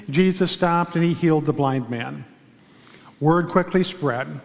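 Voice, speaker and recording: A male pastor giving a sermon in a church, telling a story in a calm, measured way with pauses. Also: fairly high pitch, creaky, big-room sound. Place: large church sanctuary.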